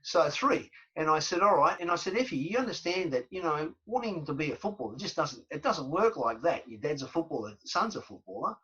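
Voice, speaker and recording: Animated Australian man in his fifties, husky. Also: a little high, brisk, hardly any pauses, dull audio. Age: 50s. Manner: animated storyteller, repeats phrases for emphasis. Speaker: guest, former footballer. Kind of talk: storytelling interview.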